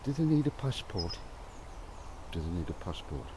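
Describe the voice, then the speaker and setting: A man vlogging outdoors, speaking slowly and softly as he muses to the birds around him. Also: sits low, very animated, noisy background. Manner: slow, soft-spoken musing to birds. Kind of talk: outdoor walking vlog. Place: outdoors in the countryside.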